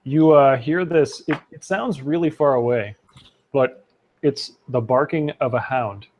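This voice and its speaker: A man's voice: medium pitch, measured pace, a little mellow, a little hiss or hum. A man narrating a tabletop role-playing game as game master, loose and chatty, with fillers and laughs.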